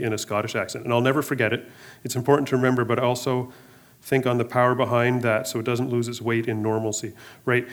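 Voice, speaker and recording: Chatty pastor, casual sermon. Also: male voice, medium pitch, fast. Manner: conversational, repeats words and restarts, joking asides.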